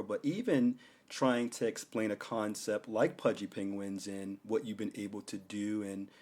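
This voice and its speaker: A man hosting a casual podcast interview, warmly affirming his guest and asking long, winding questions. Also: mid-range voice. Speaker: podcast host.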